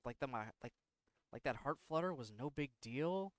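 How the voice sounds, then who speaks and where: A man reading a visual novel aloud in first person, slow and introspective, now and then tripping over words. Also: medium pitch, animated, no room sound, studio quality. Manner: slow, introspective, sometimes tongue-tied.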